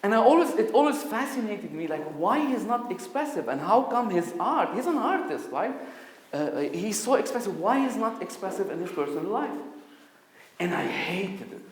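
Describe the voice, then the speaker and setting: Animated storytelling man in an echoey hall. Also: a little high. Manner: animated, acts out voices with sudden loud outbursts. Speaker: conference speaker. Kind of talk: personal storytelling talk. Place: conference hall.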